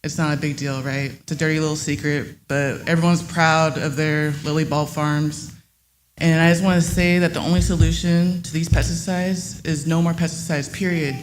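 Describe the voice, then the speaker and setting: A woman's voice: low-pitched, steady tone, moderate pace, a little hiss or hum. A woman giving public comment at a meeting in a room, speaking with passion and partly reading a prepared statement. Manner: impassioned, reads a prepared statement.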